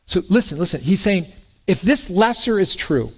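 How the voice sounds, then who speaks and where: A man preaching a sermon in a lively way, with joking asides and repeated words. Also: high voice, moderate pace, husky. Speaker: pastor.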